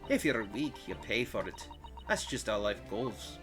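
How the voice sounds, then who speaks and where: A man's voice: on the low side, animated, a little slow, a bit bright, soft background music. A man voicing a tough young street girl from the slums in an attempted Scottish accent, talking bluntly with streetwise slang, in a game playthrough. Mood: defiant. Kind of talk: video game voice-over playthrough.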